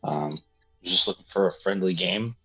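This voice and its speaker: A laid-back man with a very low, husky voice plays his character in a tabletop game. He drops in easy slang, and the sound comes through dull and lo-fi. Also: lively intonation, moderate pace, pushed and bright, soft background music. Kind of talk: casual in-character play.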